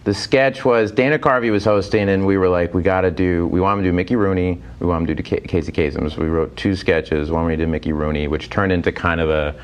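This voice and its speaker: A man telling a comedy-writing anecdote in a podcast chat, animated and laughing through his story. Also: low-pitched, quick pace, hardly any pauses, clear, resonant tone. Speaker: guest comedy writer.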